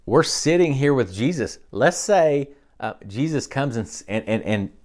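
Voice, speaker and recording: A man's voice: medium pitch, lively intonation, unhurried, a little mellow. A man preaching a conversational sermon, often checking in with the listeners by asking "okay?". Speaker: pastor.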